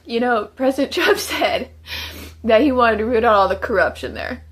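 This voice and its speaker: A woman's voice: on the high side, animated, moderate pace, husky. A woman giving emotional testimony as a former inmate, urgent and pleading. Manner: urgent, pleading, tearful at times.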